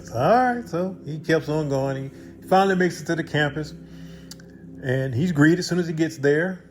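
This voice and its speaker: A man's voice: on the high side, normal speed, a little hiss or hum. A man telling a spiritual parable in a loose, conversational way, with asides to his listeners. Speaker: storyteller. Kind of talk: casual spoken parable.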